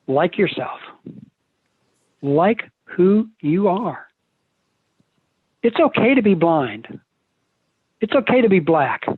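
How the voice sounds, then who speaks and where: An older man with a husky, slightly high voice gives a motivational talk full of folksy stories and jokes. The sound is tinny and dry, like audio from a video call. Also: dry recording. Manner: folksy, joking storyteller. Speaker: motivational speaker. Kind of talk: live seminar talk.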